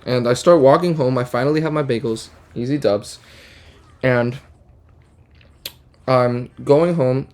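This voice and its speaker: A young man casually telling a rambling, deadpan, absurd story full of fillers and restarts. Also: medium pitch, measured pace, long pauses. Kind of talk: casual storytime while gaming.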